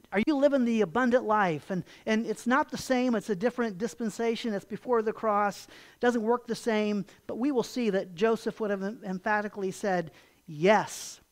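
An emphatic pastor preaching a sermon. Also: mid-range voice. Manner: emphatic, asks the congregation rhetorical questions; repeats key phrases, frequent restarts.

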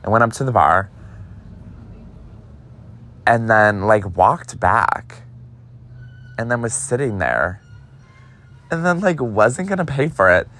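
A man's voice: fairly low pitch, expressive, slow, long pauses, a bit bright. A young man casually telling a story, chatty and profane, with lots of filler words. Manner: chatty, heavy use of "like", profane. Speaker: podcast host.

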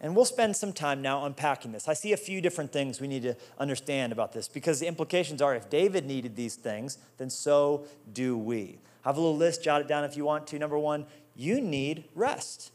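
A young adult man preaching a sermon in a conversational way, repeating words and rising to excited emphasis. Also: a little high, brisk, hardly any pauses. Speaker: pastor.

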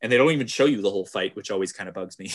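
A man's voice: very fast, husky. Laid-back man chatting about films. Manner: animated, recaps scenes with loud high-pitched exclamations and laughter. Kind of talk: casual chat.

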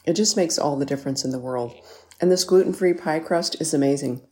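A woman's voice: sits low, brisk, dark tone. A woman hosting a casual home baking vlog in her kitchen, chatty and enthusiastic, with lots of ums and appreciative mms. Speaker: baking show host.

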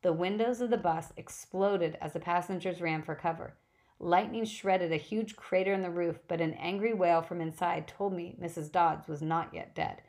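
A woman narrating a novel in a brisk, lively first-person audiobook reading. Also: on the low side.

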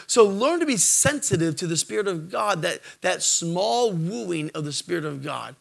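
Male preacher, middle-aged, bright high voice, lively delivery swinging from shouts to hushes. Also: normal speed, vocal fry. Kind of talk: sermon.

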